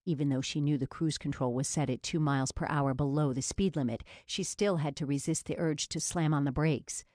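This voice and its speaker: Female audiobook narrator, low register, dry close read, steady and measured. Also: dry recording.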